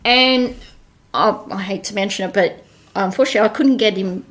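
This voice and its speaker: Aussie woman telling stories on a podcast, lively, acts out the voices. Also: mid-range voice, a little fast. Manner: animated, acts out quoted dialogue. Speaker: podcast guest. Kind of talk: casual storytelling.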